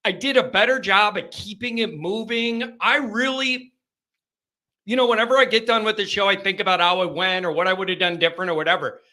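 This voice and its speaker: A man hosting a live fan call-in show, chatting casually in an excitable, rambling way and laughing often. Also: sits high, a little fast.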